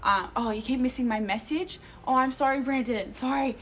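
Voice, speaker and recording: At a normal pace and a high pitch, a young woman from Australia talks casually into a phone held out to her live stream chat. She's walking outdoors in an Italian town, easily sidetracked and swearing freely, with a little hiss or hum in the audio.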